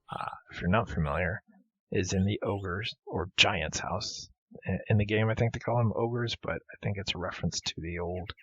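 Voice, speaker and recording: A man giving chatty, punning, self-deprecating commentary over a game he is playing. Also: fairly low pitch. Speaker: let's play host. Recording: dull lo-fi recording with faint game music.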